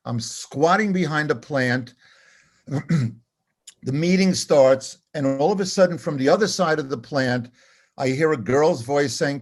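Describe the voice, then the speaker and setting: An older man, a comedy writer, telling an animated, self-deprecating anecdote and acting out the dialogue. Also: fairly high pitch, a little slow. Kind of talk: storytelling anecdote.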